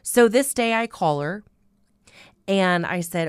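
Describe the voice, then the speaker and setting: Slow, earnest woman telling her faith story. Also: medium pitch, lively intonation, clear, resonant tone, no echo, clean studio sound. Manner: earnest, storytelling, with repeated fillers. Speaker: host of a Christian radio show. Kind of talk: personal faith testimony.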